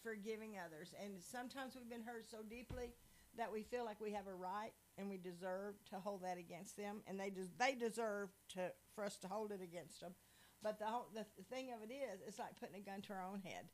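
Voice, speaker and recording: A woman preaching a sermon, telling lively stories with laughter. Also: mid-range voice, a little fast, a little hiss or hum, low-quality recording. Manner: animated storytelling with laughs.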